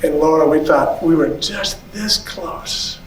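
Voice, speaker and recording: A pastor in his fifties tells his own story from the stage of a big conference hall. His voice sits high for a man and lively, and he slips into the voices of the people in his story. The sound is roomy and echoing, picked up from well away from the mic. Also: a little slow, slight background noise. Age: 50s. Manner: animated, acts out quoted voices, laughs. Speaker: pastor and church consultant. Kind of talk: personal storytelling speech. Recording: echoey hall, voice from a distance.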